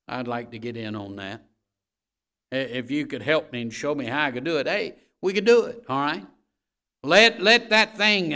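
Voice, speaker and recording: A pastor preaching a conversational sermon, often checking in with the congregation and building to forceful emphasis. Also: male voice, mid-range voice.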